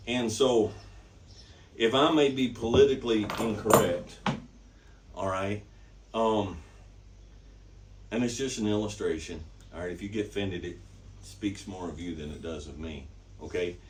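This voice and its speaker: A man's voice: on the low side, measured pace, long pauses, noisy background. A man teaching horsemanship in an emphatic, repetitive way, often checking in with "okay?" and "all right?". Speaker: horsemanship instructor. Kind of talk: teaching demonstration. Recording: distant mic.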